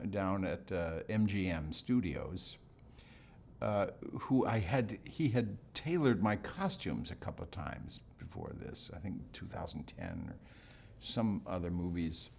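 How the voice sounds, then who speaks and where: A man's voice: low voice, creaky, darkish tone, a little hiss or hum. A male actor recounting anecdotes in an interview, chuckling as he talks. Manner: chuckles while telling stories. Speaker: actor interviewed about a film role.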